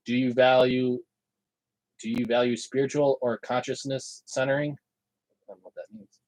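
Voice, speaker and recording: A man's voice: medium pitch, steady tone, normal speed, a little mellow, no echo, poor audio. A man co-hosting a casual livestream, reading out viewer questions hesitantly with many fillers.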